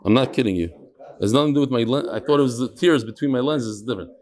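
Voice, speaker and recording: A middle-aged man hosting and teaching a lively, joking Talmud class to a live group, mixing English with Hebrew and Aramaic terms. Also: medium pitch, fast talker. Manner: animated, jokey, switching between English and Hebrew-Aramaic terms.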